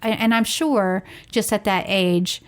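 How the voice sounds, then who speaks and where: A woman co-hosting a parenting podcast and telling a family travel story in an animated, casual way. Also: medium pitch, measured pace. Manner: animated, laughing retelling.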